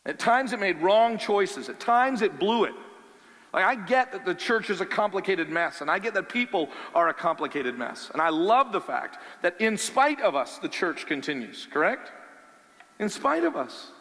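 Guy preaching in a big echoey church, bright punchy voice, kinda high, chatty and animated. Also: moderate pace. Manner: animated, conversational preaching with rhetorical questions. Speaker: pastor. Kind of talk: sermon.

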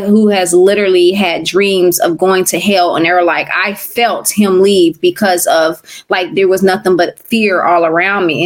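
A middle-aged woman minister giving a conversational, earnest testimony, repeating and restarting words as she talks. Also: fairly low pitch. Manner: earnest, preachy, with frequent fillers and restarts. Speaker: minister and podcast guest.

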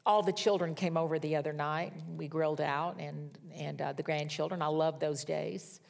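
A woman's voice: low-pitched, steady tone, moderate pace, gravelly, darkish tone. An older woman preaching a sermon in a conversational, folksy storytelling manner with wry humor. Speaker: pastor.

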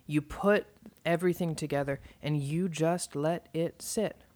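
Deadpan, whimsical podcast host. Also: medium pitch, a little slow. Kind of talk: casual chat.

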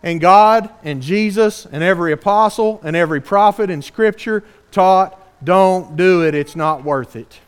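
A man with a fairly high voice preaches in a drawl. He is earnest and animated and keeps asking his listeners pointed rhetorical questions. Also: normal speed, hardly any pauses, smooth. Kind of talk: sermon.

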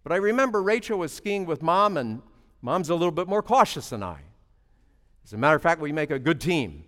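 A male preacher telling a story in a sermon with a lively, rising and falling pitch. He swings from loud emphasis to hushed asides and often stumbles over repeated words. Long reverb trails his voice around a large hall. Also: brisk.

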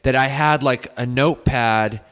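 A man's voice: mid-range voice, a little slow, a bit bright, clear, resonant tone, soft background music. A man who is a guest comedian, chatting in an easygoing, wry way about comedy clubs. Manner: easygoing, wry, trades club stories. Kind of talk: casual comedy chat.

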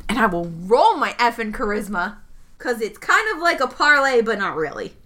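Bright-voiced woman playing a tabletop game. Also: fairly high pitch, normal speed. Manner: animated, describes actions with self-aware humor. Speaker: player. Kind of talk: tabletop role-play chat.

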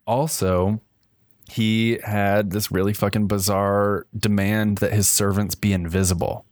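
A man with a low voice riffs through odd facts on a comedy podcast. He talks casually, swears often and keeps it playful. The sound is dry and close. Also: level tone, a little slow, darkish tone, no echo. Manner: jokey, swears often, jumps into high-pitched impressions. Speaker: podcast co-host.

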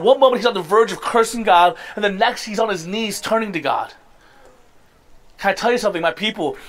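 A man preaching a sermon to his congregation, conversational and emphatic, sometimes laughing at himself. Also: high-pitched. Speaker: pastor. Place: church service.

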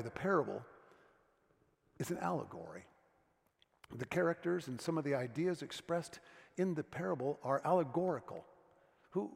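A man preaching a sermon as a pastor, telling stories and dropping to a hushed tone for serious moments. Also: a little high, gravelly. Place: church sanctuary. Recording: long church reverb.

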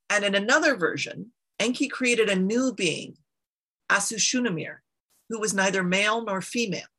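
Gravelly, bright-voiced woman storyteller. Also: mid-range voice, low-quality recording. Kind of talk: storytelling a myth with casual asides.

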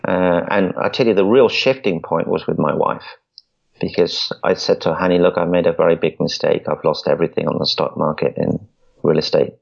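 Deep gravelly guy guest, earnest, stumbles into sentences, kinda dull muffled audio. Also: fairly even intonation, fairly quick. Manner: earnest, repeats words when starting. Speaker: podcast guest. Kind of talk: storytelling interview.

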